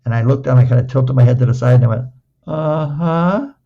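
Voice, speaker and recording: Gravelly older man telling jokey stories. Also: medium pitch, little pitch movement, racing, narrow, tinny audio. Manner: playful joker who acts out dialogue and repeats words. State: recovering from a stroke. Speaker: guest. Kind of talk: casual anecdotal storytelling.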